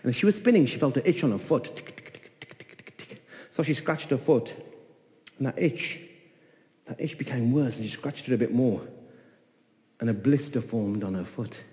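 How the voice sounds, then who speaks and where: A man telling a folk tale in an animated way, repeating phrases and voicing the characters. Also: mid-range voice, normal speed, long pauses, long reverb tail. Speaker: storyteller. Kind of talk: oral folk-tale storytelling.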